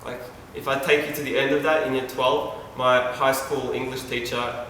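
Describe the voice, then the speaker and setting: A man's voice: medium pitch, level tone, normal speed, bright, forceful tone. Man giving a candid personal talk, distant mic, roomy echoing event hall, faint background noise. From Yugoslavia. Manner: candid, casual, with swearing and self-deprecating asides. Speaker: speaker. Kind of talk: personal story talk to a live audience. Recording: echoey hall from far off.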